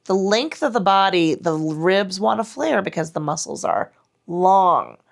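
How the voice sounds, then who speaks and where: A woman's voice: medium pitch, animated, unhurried, creaky. A woman leading a mat Pilates class, cueing breath and form while doing the moves herself, her breath a little strained from the effort. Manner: cueing breath and form, speaking against muscle contraction. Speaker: Pilates instructor.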